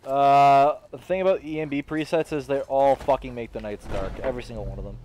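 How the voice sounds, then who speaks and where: A man's voice: mid-range voice, a little fast, darkish tone. A man streaming a game, chatting casually with viewers in a blunt, sweary manner. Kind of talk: casual gameplay commentary.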